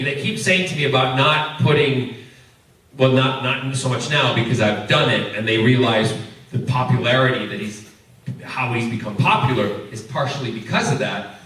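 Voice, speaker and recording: A man answering fan questions at a convention panel, telling stories and laughing often. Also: medium pitch. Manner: animated storyteller, laughing often. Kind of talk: casual Q&A banter. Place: large convention hall. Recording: echoey hall from far off.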